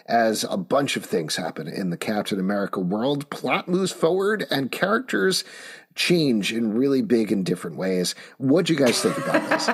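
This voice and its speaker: A man's voice: mid-range voice, lively intonation, normal speed, breathy edge. A man co-hosting a comic book review podcast, chatting casually and joking between credit readouts. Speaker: podcast co-host.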